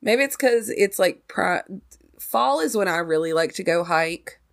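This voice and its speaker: A woman co-hosting a podcast in casual chat, talkative and quick to laugh. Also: on the low side, animated, vocal fry. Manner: chatty, laughs often. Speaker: podcast co-host.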